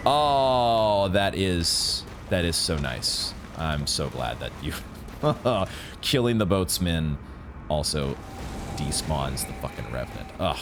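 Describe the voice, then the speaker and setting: Gamer host, low voice with big swings in pitch, narrates his play with excitable swearing; steady background noise. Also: takes it slowly. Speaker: gaming channel host. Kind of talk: live gameplay commentary.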